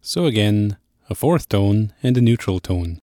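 A man hosting an audio language lesson, explaining words in a clear, steady way and slowing down on key phrases. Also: fairly low pitch, no echo, studio quality.

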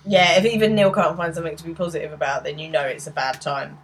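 A woman's voice: low-pitched, steady tone, fast talker, slight background noise. A woman co-hosting a podcast, chatting casually as she recaps a TV episode and quotes its lines. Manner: retells scenes with quoted lines, laughs often. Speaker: podcast co-host.

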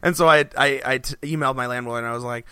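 A man's voice: mid-range voice, steady tone, racing, sharp tone, clean tone, dry recording. A man co-hosting a podcast in casual chat, rambling with frequent restarts and laughs between phrases. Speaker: podcast co-host.

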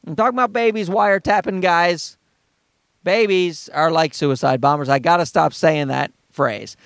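A man's voice: normal speed, gravelly, fairly bright tone, no echo. A man in his thirties telling rambling, profane stories in a casual monologue, acting out the people he quotes. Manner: profane, rambling storyteller who acts out quoted people in a high voice.

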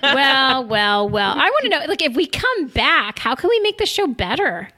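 Bright-voiced chatty woman podcast host. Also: high voice, sing-song, normal speed. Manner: chatty, laughs often, stammers on restarts. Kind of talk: casual chat.

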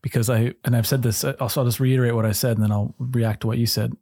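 A man co-hosting a casual faith podcast, calmly arguing his point and pushing back. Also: medium pitch, gravelly. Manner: measured, argumentative pushback. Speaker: podcast co-host.

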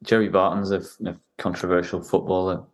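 Deep-voiced rambling English podcast host. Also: male voice, flat delivery, a little fast. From Newcastle, England. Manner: rambling, with many restarts and fillers. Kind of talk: casual conversation.

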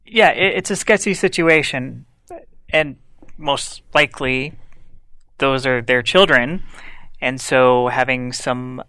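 A man co-hosting a podcast, adding brief, measured comments in casual conversation. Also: medium pitch, sharp tone, clear, resonant tone, dry recording. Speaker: podcast co-host. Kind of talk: casual chat.

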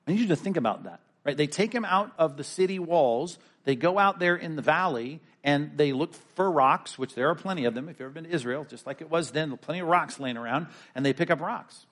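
A man, a pastor, preaching a sermon with animated storytelling. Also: a little high, fairly quick, hardly any pauses.

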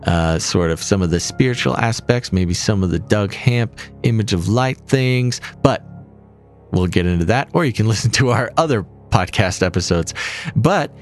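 Low-voiced playful man co-hosting a podcast. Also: animated, moderate pace, faint music behind. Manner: playful, explanatory, jokey. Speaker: podcast co-host. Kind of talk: casual podcast chat.

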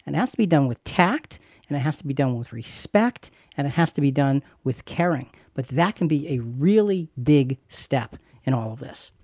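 A man's voice: mid-range voice, lively intonation, moderate pace, few pauses, darkish tone, dry recording, studio quality. A man who is a pastor and podcast host, talking earnestly and reassuringly about faith, repeating phrases for emphasis. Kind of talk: conversational Christian podcast teaching.

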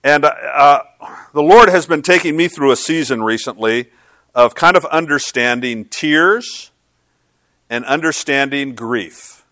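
A middle-aged man preaching a sermon in a loose, chatty way, stumbling and restarting as he tells stories against himself. His voice sits a little high for a man. The sound is dry and close, with no room echo. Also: unhurried, bright, forceful tone. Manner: conversational, self-deprecating storytelling with many restarts. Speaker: pastor.

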